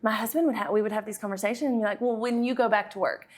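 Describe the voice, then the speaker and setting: A woman in her thirties with a thick Southern American accent, a guest in a casual podcast interview, talking in a chatty, animated way. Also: a little high, very fast. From Southern United States. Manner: chatty and animated, acts out her own past lines. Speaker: guest, YouTube creator and business owner.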